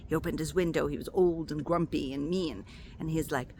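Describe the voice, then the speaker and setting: A woman speaking as a spiritual coach and intuitive healer, giving a casual motivational talk to her viewers. She is expressive and affectionate, and calls the listener "my love.". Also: low voice, a little fast, slightly rough. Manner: animated and expressive, acts out quoted voices.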